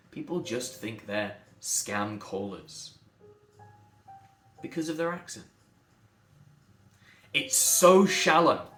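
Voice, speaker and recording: A man's voice: fairly low pitch, a bit bright, roomy sound. A man working as a voice coach, talking in an emphatic, passionate monologue and repeating words for stress.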